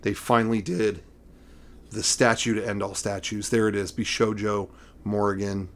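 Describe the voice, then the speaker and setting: A middle-aged man hosting a casual collecting vlog, rambling and excitable, playing up mock emotion. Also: on the low side, moderate pace. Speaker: vlogger showing figure collection.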